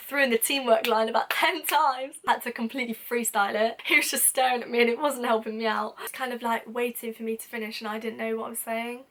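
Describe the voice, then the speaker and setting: A young woman telling a funny story to camera in a casual, lively way, acting out what people said. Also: fairly high pitch. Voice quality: lively, acts out quoted lines with sudden whispers and laughs. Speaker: vlogger.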